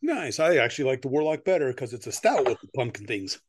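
A man's voice: medium pitch, very animated, fast, breathy edge, dry recording, studio quality. A middle-aged man co-hosting a podcast, chatting in a rambling way with many restarts and frequent laughs, then reading a story aloud. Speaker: podcast co-host. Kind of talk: casual chat and story reading. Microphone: close podcast mic.

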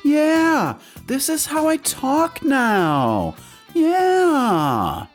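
A man putting on a squeaky, high-pitched goofy voice to greet his listeners in an exaggerated, silly falsetto. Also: huge pitch swings, extremely slow, faint music behind, exaggerated voice.

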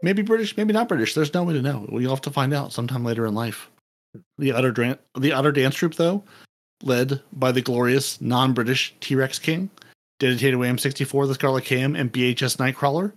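A man's voice: medium pitch, a little fast. A man hosting a casual gaming podcast, playful and rambling, often repeating words as he goes. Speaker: podcast host.

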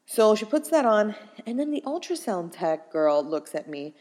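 A young woman casually telling her pregnancy story in an animated, chatty way with plenty of fillers. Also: medium pitch, normal speed, big-room sound.

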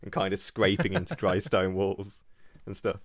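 A man, chatting casually and telling rambling, animated stories as a podcast co-host. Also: deep voice, normal speed, crowd noise. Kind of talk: casual chat.

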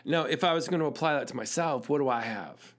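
Guy on his podcast, kinda higher voice, thoughtful storytelling, chuckles at himself. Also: fast. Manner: earnest, thoughtful, laughs at himself. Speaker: podcast host and musician. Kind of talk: reflective storytelling monologue.

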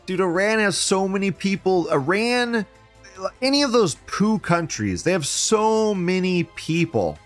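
A man's voice: high voice, sing-song, measured pace, soft background music. Profane, sarcastic male livestream host. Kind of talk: live commentary reading chat.

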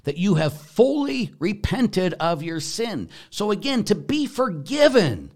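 A man's voice: high-pitched, very animated, unhurried, a little mellow. A man who is a Catholic priest, answering a viewer's question in an emphatic, preachy way and repeating his key points.

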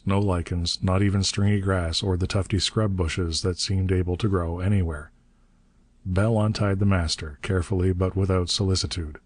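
Man reading an audiobook, very low voice, dark and mellow, dry sound. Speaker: narrator. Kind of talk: audiobook narration.

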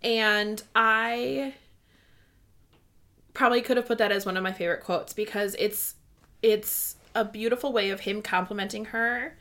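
Woman co-host, casual book chat, gushing, giggly, filler-heavy, mid-pitched. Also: fairly even intonation, a little slow, sharp tone. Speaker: podcast co-host.

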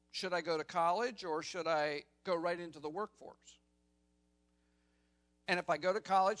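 A man with a notably high-pitched voice delivers a Sunday-morning sermon from the pulpit. He preaches with emphasis and keeps turning his points into rhetorical questions for the people in the pews. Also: fairly bright tone. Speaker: pastor. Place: church sanctuary during a morning service.

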